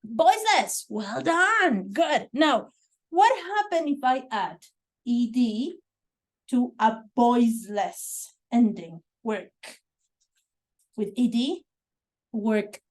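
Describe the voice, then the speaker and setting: A woman with a fairly high voice leads a classroom pronunciation lesson. She speaks slowly and with care, repeating sounds and praising her students warmly. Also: lively intonation. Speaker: English pronunciation teacher.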